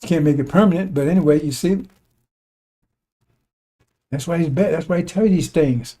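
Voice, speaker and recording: A man with a somewhat high, mellow voice, preaching in a loose, conversational way. He keeps circling back to the same point and tosses in little rhetorical checks with his listeners. The tone is casual and emphatic rather than formal. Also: moderate pace. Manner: conversational, rhetorical asides like "right?" and "see?"; repetitive, emphatic drilling of points. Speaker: religious commentator. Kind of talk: informal preaching monologue.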